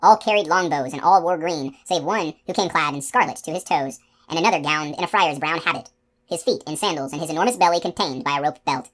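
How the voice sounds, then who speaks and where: Woman narrator, low voice, steady expressive reading, fantasy audiobook. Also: a little fast. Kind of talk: scripted narration.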